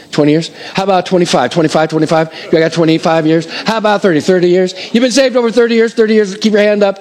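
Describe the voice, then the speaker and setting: A middle-aged man gives a sermon to his congregation in a church hall. His voice sits a little high for a man. He talks in a lively, animated way and calls out questions to the people in front of him. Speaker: pastor.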